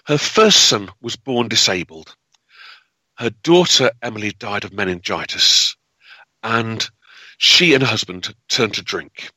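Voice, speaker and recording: Bright-voiced guy telling an old crime story, dramatic, lots of ums and uhs, dry close mic. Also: on the low side, husky, no room sound, low-quality recording. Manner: dramatic, with frequent fillers and restarts. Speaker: historical storyteller. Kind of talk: spoken history storytelling.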